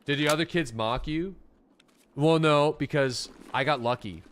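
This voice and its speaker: A man's voice: fairly high pitch, measured pace, a little hiss or hum. A man from the Canadian Maritimes, a game streamer rambling in laid-back casual chat while playing, swearing freely.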